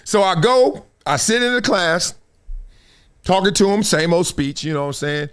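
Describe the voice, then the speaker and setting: A man's voice: high-pitched, expressive, moderate pace, fairly bright tone. A middle-aged man with a Los Angeles accent, hosting his show and telling a long story in casual chat, acting out the scenes with slang. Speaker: host.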